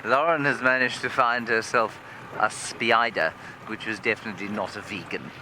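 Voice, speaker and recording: A man's voice: on the low side, normal speed. A man working as a safari guide, telling a humorous story live from a game drive vehicle outdoors. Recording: vehicle engine noise outdoors.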